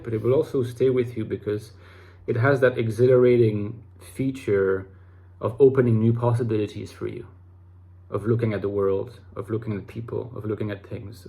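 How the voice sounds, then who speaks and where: A man's voice: medium pitch, creaky, warm tone. Man musing aloud to his viewers. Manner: rambling, with many restarts and fillers. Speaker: YouTube host talking about personality types. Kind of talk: casual talk to camera.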